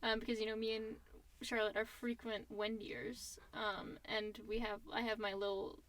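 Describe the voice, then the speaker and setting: A woman's voice: fairly high pitch, level tone, normal speed, crowd noise. A young adult woman co-hosting a podcast in casual chat, playful and rambling. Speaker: podcast co-host.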